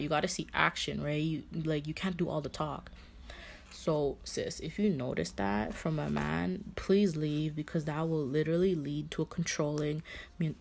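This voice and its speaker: A woman's voice: low voice, creaky, a little mellow. A young woman giving casual relationship advice, blunt, swearing often, and padding her talk with fillers.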